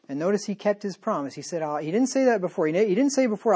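A man's voice: sits high, lively intonation, fast talker, hardly any pauses, dark tone, slightly rough. A man preaching a sermon in a conversational way. He reads scripture aloud, then breaks it down plainly and often checks in with the listeners as he goes. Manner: conversational, with frequent "right?" and "you know". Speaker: pastor.

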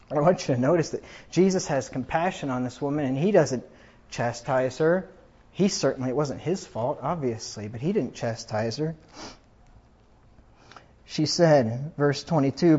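A man's voice: mid-range voice, normal speed, warm tone, husky, dull audio. A man preaching a funeral sermon, reading scripture aloud with rising emphasis.

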